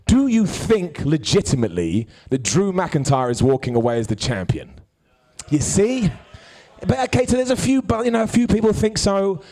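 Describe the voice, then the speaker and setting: Animated, joking man with a gravelly voice. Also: a little high. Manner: jokey, animated, bantering with hecklers. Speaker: wrestling show host. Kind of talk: live comedic wrestling review. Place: live stage show.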